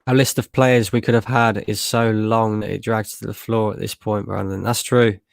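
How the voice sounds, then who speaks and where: A man's voice: lowish voice, little pitch movement, normal speed, vocal fry, no room sound, studio quality. A young man from Lincolnshire streaming a live football watchalong, reading chat aloud, chatty and sweary, laughing often. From Lincolnshire, England.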